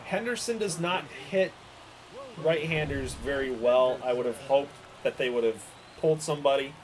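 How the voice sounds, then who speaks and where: A man's voice: mid-range voice, moderate pace, slight background noise, poor audio. A man calling a baseball video game play by play, exasperated and swearing as his team loses. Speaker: gaming streamer calling the game.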